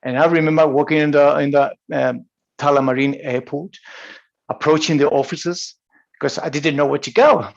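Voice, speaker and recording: A man's voice: a little high, steady tone, normal speed, vocal fry, muffled recording. A man from Spain with a Spanish accent, telling a personal story as a motivational coach. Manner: storytelling, with frequent restarts and laughs. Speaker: high performance coach. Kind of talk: motivational talk.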